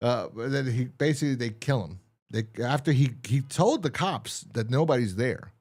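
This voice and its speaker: A podcast co-host with a mid-range voice and moderate pace casually reviews and recaps a story. He's lively and rambling, with lots of fillers.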